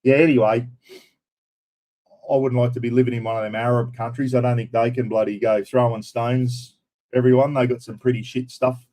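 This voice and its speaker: An Australian man hosts a live stream, chatting casually with his audience in a brisk, dark-toned, medium-pitched voice that barely varies in pitch. He's blunt and talkative, swears mildly, and calls viewers "everyone" and "mate."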